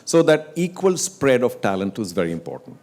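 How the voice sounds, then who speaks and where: This guest speaker on sports leagues, a middle-aged man from India, has a mid-range voice and a brisk delivery. His casual stage talk is full of animated stories, with quotes and chants acted out.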